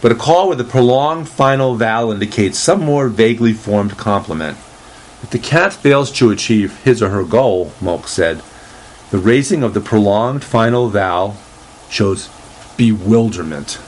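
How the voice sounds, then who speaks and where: A man hosting a casual solo talk show, reading aloud haltingly with lots of fillers and restarts, and a dry, deadpan humor. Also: fairly low pitch, a little hiss or hum. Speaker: host.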